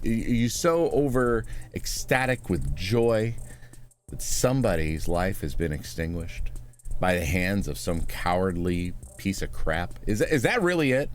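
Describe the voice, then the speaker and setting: Scornful man with a lively low voice. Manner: sarcastic, scornful, rambling with restarts. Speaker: reaction commentator. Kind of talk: mocking reaction commentary.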